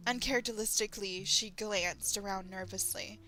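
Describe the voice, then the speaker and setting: Bright-voiced woman reading a story aloud. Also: medium pitch, unhurried, soft background music, low-quality recording. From Texas. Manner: animated, laughs and breaks off to react. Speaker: story reader, channel host. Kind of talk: reading fan fiction aloud with comments.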